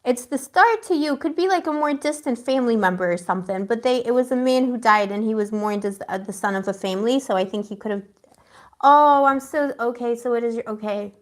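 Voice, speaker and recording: A woman with a somewhat high voice gives a live tarot reading to her viewers. She talks in a chatty, slangy, emotional way. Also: fairly quick. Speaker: tarot reader.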